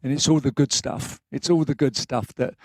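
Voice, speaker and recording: A man's voice: mid-range voice, steady tone, normal speed, no room sound. A man, giving a frank, emotional live talk about recovery that halts and restarts as he goes. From England. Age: late 50s. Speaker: guest speaker. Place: live event venue.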